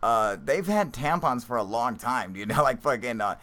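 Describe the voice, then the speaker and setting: A man's voice: mid-range voice, lively intonation, moderate pace, a bit bright. A man hosting a live stream, chatting casually and reading viewer comments, rambling and swearing with frequent laughs. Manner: profane, rambling, laughs often.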